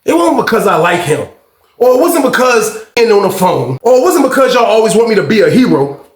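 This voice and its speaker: A man casually telling a story from his own life in a slangy, animated way, acting out the people in it. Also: sits high, fairly quick, roomy sound.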